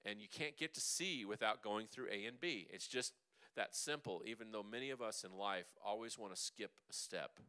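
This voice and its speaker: Lively chatty male vocal coach. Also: lowish voice, normal speed, smooth. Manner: lively and chatty, demonstrates sounds. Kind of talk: teaching a vocal seminar. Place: church hall.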